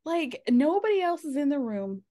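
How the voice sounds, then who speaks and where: A woman's voice: high-pitched, moderate pace. Woman host doing mocking quote voices. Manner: animated, quotes cast members in mocking voices, laughs often. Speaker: podcast host. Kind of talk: casual reality TV recap chat.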